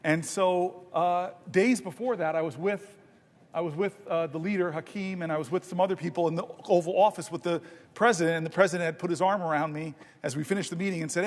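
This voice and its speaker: A man in his fifties giving a long, conversational floor speech as a senator, telling stories with halting restarts. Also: high voice, fairly even intonation. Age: 50s. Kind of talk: marathon floor speech, storytelling. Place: large legislative chamber. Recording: long chamber reverb.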